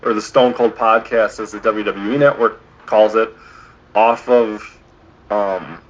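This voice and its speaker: A man's voice: lowish voice, fairly even intonation, a little slow. A man co-hosting a podcast in casual chat, opinionated and rambling. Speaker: podcast co-host. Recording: dull lo-fi podcast audio.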